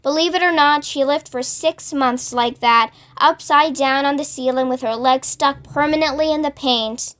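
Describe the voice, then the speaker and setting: A woman reading aloud plays a prim, dramatic spider lady. She recounts her story theatrically, in a high, light voice. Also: moderate pace, few pauses, fairly bright tone.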